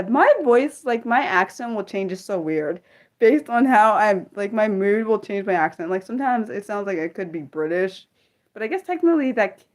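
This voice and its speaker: Woman streamer with a mid-pitched voice, loose, rambling delivery, addressing her chat directly. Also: animated, moderate pace, a little mellow. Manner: rambling, thinks aloud, many restarts and fillers; talks directly to viewers and asks them questions. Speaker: livestream host answering viewer chat. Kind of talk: casual unscripted livestream chat.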